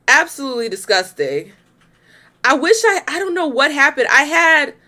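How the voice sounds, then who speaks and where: Blunt, exasperated high-voiced woman. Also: sharp tone. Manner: exasperated, blunt, profane, laughs often. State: pregnant. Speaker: reaction video host. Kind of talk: casual reaction commentary.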